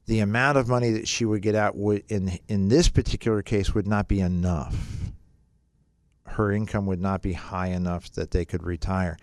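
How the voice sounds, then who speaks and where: A middle-aged man on a radio call-in show, talking in a somewhat low voice that sits dry and close to the mic. He chats loosely and pokes fun at himself, then walks listeners through finance points and says the important ones twice. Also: steady tone, moderate pace, darkish tone, no echo. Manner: chatty, self-mocking, repeats key points. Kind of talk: casual radio talk on retirement finance.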